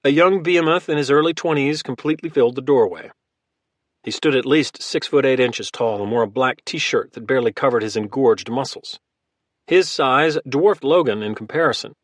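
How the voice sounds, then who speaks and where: A man narrating a thriller audiobook in a steady, clipped manner. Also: mid-range voice, moderate pace, dry recording.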